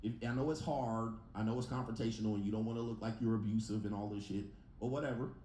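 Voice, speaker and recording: A man's voice: on the low side, fairly even intonation, fast, mellow, slight background noise. A man delivering a brash, profane relationship advice rant in a clip being played back. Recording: echoey clip replayed in a reaction.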